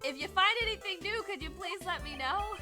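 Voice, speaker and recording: A woman's voice: extremely high pitch, expressive, brisk, over music, pitched above the performer's own voice. Woman doing an eager bumbling male detective. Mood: pleading. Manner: pleading, eager.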